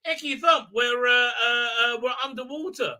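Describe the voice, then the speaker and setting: A man mocking a shrill giddy woman traveller. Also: normal speed, pushed and bright, exaggerated voice. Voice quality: shrill mocking falsetto, exclamatory. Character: giddy childlike woman time traveller, squealing.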